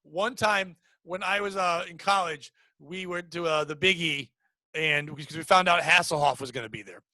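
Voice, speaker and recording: High, bright-voiced crude storytelling man. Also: moderate pace, no room sound. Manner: crude, rambling animated storyteller. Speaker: podcast host. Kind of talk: casual chat.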